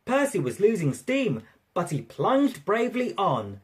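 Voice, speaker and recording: A narrator reading a railway storybook aloud in an expressive, lively way. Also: mid-range voice, measured pace, very noisy.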